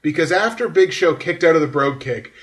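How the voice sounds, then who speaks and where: Podcast host guy, kinda high voice, lots of uh and like, talks on and on. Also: lively intonation, brisk, a bit bright. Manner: rambling, filler-heavy play-by-play breakdown. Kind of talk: casual podcast chat.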